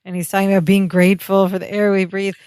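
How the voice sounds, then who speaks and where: A woman's voice: medium pitch, little pitch movement, fast, a little mellow, smooth, dry recording, clean studio sound. Chatty woman co-host recapping a show. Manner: chatty, finishes her partner's sentences. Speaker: podcast co-host. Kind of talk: casual episode recap chat.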